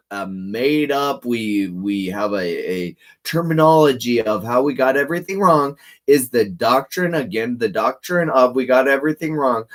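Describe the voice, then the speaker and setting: A man giving rambling solo commentary while reading aloud, meandering and restarting often, swinging between louder bursts and low mumbles. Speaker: channel host.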